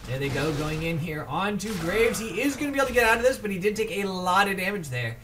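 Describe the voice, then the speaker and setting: With a crowd audible behind him, a high-voiced man calls a video game match solo, talking fast and with plenty of animation. He's an esports shoutcaster whose commentary rambles casually, and player names keep tripping him up.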